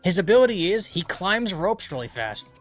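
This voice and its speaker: A man chats his way through a game stream in a rambling, casual way, his voice sitting a bit high. He wanders between thoughts while playing. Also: sing-song, normal speed, a bit bright, soft background music. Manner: rambling, many fillers, chatty. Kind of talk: casual gameplay commentary.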